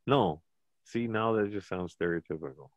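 A man's voice: low-pitched, normal speed, no room sound, dull audio. A man co-hosting a casual podcast, talking bluntly and rambling, often laughing at his own jokes. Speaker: podcast co-host. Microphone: podcast mic.

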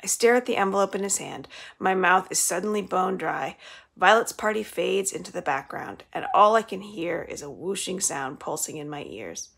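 A woman librarian reading a children's novel aloud in a steady storytelling manner. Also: lowish voice, normal speed, creaky, slightly rough.

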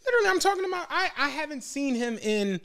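A man's voice: very high-pitched, big pitch swings, fast, pushed and bright. A man from Philadelphia, a podcast co-host, chatting casually and telling long stories, acting out what other people said. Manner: rambling storyteller, acts out others' quotes.

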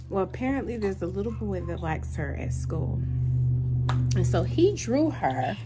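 A woman's voice: fairly low pitch, mellow, a little hiss or hum. A woman in her thirties, a vlogging mom telling funny family stories to the camera and often laughing. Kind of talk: casual storytelling to camera.

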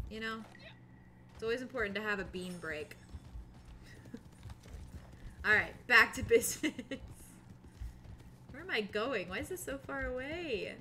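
In this clip a woman with a mid-range voice streams a game, chatting casually over slight background noise. She swears freely, laughs a lot, narrates her own moves as she makes them, and panics loudly.

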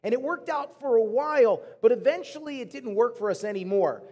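A man in his thirties, a pastor telling stories in an animated, chatty way as he preaches to his church. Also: extremely high pitch, a little fast, dull audio. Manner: animated, chatty storytelling to the congregation. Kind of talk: sermon. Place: church auditorium. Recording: long hall reverb.

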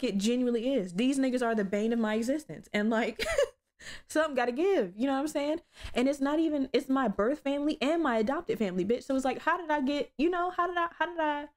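A young woman hosting her own podcast, telling stories in a blunt, profane, animated way. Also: on the high side. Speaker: podcast host. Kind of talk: casual solo podcast chat.

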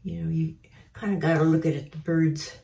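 A woman's voice: sits low, fairly even intonation, fairly quick, gravelly, dark tone. A woman bird breeder giving a casual handling demonstration, cooing baby talk to a tame parrot, often near a whisper. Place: aviary indoors. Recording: roomy, from a distance.

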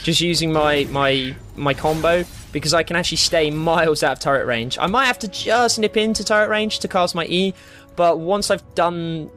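A man's voice: on the high side, normal speed, soft background music. A young man giving live gameplay commentary, ranting and swearing as he plays. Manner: ranting, swears a lot, excitable. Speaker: gamer.

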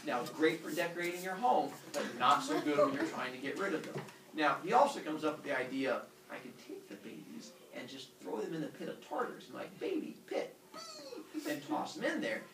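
Animated male teacher telling a comic myth. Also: brisk, a little hiss or hum. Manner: animated, puts on squeaky voices for characters. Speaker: teacher telling myths to a class. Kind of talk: comic classroom storytelling. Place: classroom with students. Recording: echoey room, far from mic, students audible.

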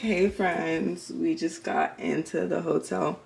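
A young woman vlogging casually to a handheld camera in a hotel room, animated and playful with lots of slang. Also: fairly low pitch, slow, gravelly, very noisy. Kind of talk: casual vlog chat to camera.

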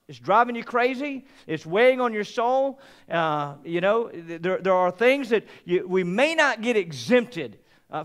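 A middle-aged man preaching a sermon as pastor, earnest and confessional, dropping to a hush then rising loud. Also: high-pitched. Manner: earnest, confessional, swings between hushed and loud. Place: church sanctuary.

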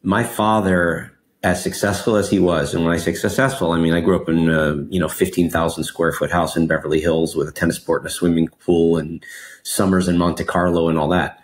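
A man in his forties, born in Mexico and raised in Los Angeles, telling his life story as an interview guest in an expressive, animated way, peppered with "you know". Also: low-pitched, fairly quick. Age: 40s. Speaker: guest entrepreneur.

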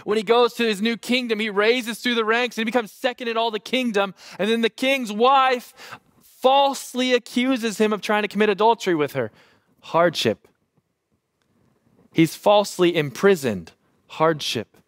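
Man, pastor, animated storytelling sermon, higher voice, dry sound. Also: normal speed, no echo. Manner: storytelling, animated and self-deprecating.

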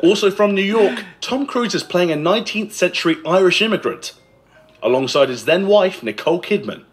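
A man's voice: high-pitched, expressive, moderate pace, soft background music. A man reading a scripted movie list countdown in a sarcastic, mocking way. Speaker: list video narrator. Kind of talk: scripted narration.

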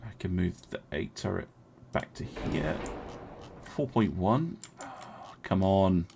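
A young man streaming a strategy game, talking his choices through out loud and replying to his chat. His low voice has a gravelly edge. His pitch swings up and down a lot as he chats, full of ums and uhs. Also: animated, slow pace, noisy background. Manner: chatty, thinking aloud, talking to chat with many fillers. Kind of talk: casual live-stream gameplay commentary.

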